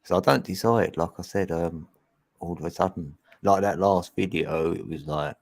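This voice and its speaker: A man's voice: sits low, normal speed, gravelly. A man chatting casually as a guest on a livestream, laid-back, trailing off and chuckling. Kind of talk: casual chat.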